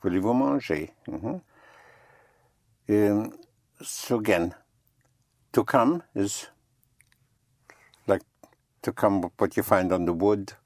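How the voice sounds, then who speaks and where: A man giving a French lesson in an unhurried, patient way, saying every word again and spelling it out one letter at a time. His voice sits a little low, and the sound is close and dry with no room echo. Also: a little mellow. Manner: patient, repeats words and spells them letter by letter. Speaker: French teacher. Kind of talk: language lesson.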